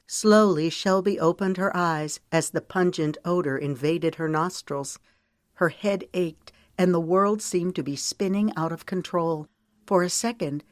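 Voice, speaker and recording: Woman audiobook narrator, low register, measured, very dry booth sound. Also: dry recording.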